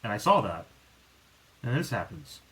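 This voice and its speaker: A man's voice: fairly low pitch, moderate pace, poor audio. Rambling man on a casual podcast. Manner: rambling, many restarts and fillers, animated when exasperated. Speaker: podcast host. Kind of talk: casual chat.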